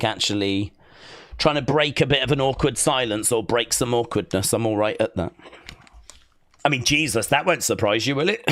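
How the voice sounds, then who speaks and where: Excitable guy doing a live reaction stream, reads out chat comments, sharp voice, dead dry sound. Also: medium pitch, dry recording. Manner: rambling, excitable, reads viewer comments aloud.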